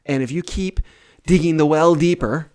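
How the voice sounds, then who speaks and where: A man's voice: on the high side, normal speed, darkish tone, smooth. A man co-hosting a podcast, talking conversationally and backing up his co-host. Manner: conversational, agreeing interjections. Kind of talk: casual podcast discussion.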